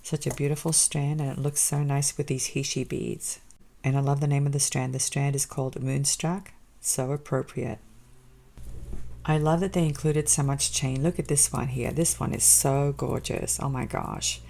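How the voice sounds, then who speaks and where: A woman with a low voice that drops into a gravelly fry hosts a casual unboxing vlog. She gushes over each item with open enthusiasm and keeps talking straight to her viewers. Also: level tone, moderate pace, warm tone. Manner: gushing, enthusiastic, addresses viewers as guys. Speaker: jewelry designer and channel host.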